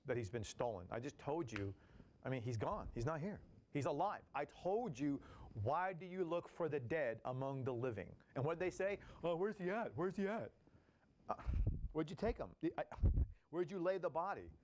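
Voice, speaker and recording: A man leads a Bible study in a casual, animated way and acts out the figures he talks about. His voice sits a touch high and swings widely in pitch. A faint hiss of noise sits behind him.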